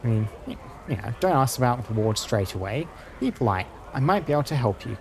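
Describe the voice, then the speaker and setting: A man's voice: medium pitch, sing-song, brisk, hardly any pauses, darkish tone, a little hiss or hum. A man commenting wryly on a video game as he plays, often reading the dialogue aloud. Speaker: gaming streamer. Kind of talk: let's-play commentary.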